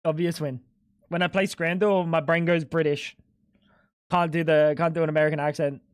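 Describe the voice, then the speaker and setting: Man, high-pitched, rambling casual stream chat, swears a lot, dry close sound. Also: little pitch movement, moderate pace, clean tone, dry recording. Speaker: live streamer. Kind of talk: casual chat while gaming.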